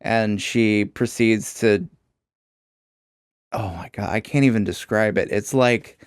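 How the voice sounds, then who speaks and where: A man co-hosting a podcast, rambling through a story with lots of fillers and laughs. His voice is smooth and clear, and the sound is dry and close. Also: fairly low pitch, fairly even intonation, slow, no echo. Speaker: podcast co-host. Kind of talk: casual chat.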